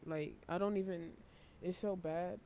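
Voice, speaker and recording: A worn-out man giving a casual tarot reading to camera, talking in a flat, low-energy monotone and swearing casually. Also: measured pace, lo-fi sound, slight background noise. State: emotionally worn out. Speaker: tarot reader.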